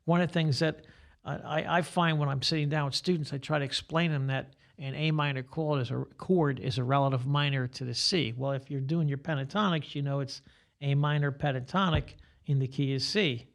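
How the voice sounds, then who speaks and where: A man's voice: fairly high pitch, steady tone, brisk, vocal fry. An older man who teaches guitar, giving rambling, teacherly explanations as a guest in a casual podcast interview.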